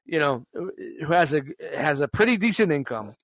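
Brief: man in his 40s, lively storyteller, slightly high voice, dry close sound. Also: moderate pace, dry recording. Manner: animated storytelling, laughs and swears often. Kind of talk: casual chat.

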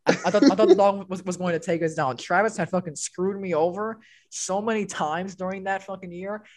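A man's voice: high voice, fairly quick. A young man on a podcast with old school friends, telling a story in casual chat, swearing freely and acting out what other people said. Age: young adult. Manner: animated, swearing, acts out other people's lines. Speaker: podcast co-host.

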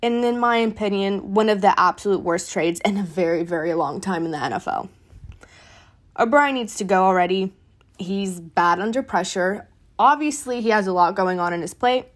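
A young adult woman hosting a podcast, ranting in casual sports commentary with heated, profane, animated talk. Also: medium pitch, normal speed. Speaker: podcast host.

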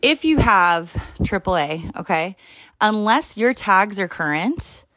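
A woman's voice: medium pitch, expressive, takes it slowly. Foul-mouthed exasperated young woman venting. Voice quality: profane, loud and exasperated. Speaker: vlogger telling a story. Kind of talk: casual venting storytime. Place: at home, moving around looking for things.

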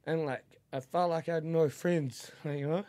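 A man's voice: a little high, steady tone, moderate pace, warm tone. A man, a podcast guest talking in a heartfelt, rambling way with lots of swearing and fillers. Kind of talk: casual podcast chat.

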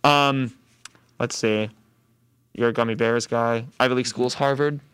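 A man's voice: mid-range voice, steady tone, measured pace, a bit bright, smooth, no echo. Young male podcast host, rambling and giggly, dry close sound. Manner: giggly, rambling, with many ums. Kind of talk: casual chat.

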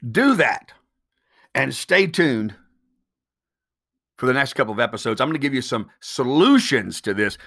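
Swearing freely and throwing out rhetorical questions, a podcast host speaks bluntly and emphatically on his solo show. His mid-range voice is a bit bright.

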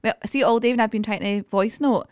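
A woman's voice: a little high, a little fast, clean tone, no room sound, clean studio sound. A woman, co-hosting a podcast in easy, chatty talk and laughing easily. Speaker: podcast co-host. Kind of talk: casual chat.

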